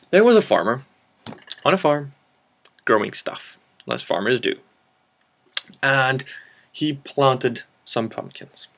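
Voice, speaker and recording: A man spins a silly improvised story as the host of a storytelling video. His voice carries a gravelly fry. He talks in a playful made-up accent that mixes several accents, and he wanders into joking asides about himself. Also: medium pitch. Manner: rambling, self-mocking asides.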